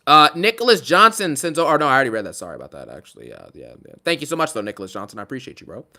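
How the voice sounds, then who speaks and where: A man's voice: mid-range voice, big pitch swings, very fast, bright, forceful tone. A man hosting a casual live stream, reading out donations and chatting through them with rambling asides. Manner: chatty, thanks each donor, rambling asides.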